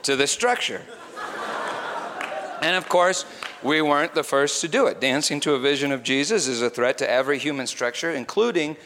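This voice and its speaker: A man preaching a sermon, moving between quiet reflection and excited, animated storytelling. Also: fairly high pitch, normal speed, slight background noise. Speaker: pastor.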